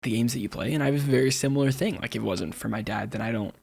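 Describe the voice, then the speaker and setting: Male co-host, gravelly and husky, agreeable casual talker. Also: mid-range voice, darkish tone. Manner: agreeable, quick with affirmations. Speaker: podcast co-host. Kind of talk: casual chat.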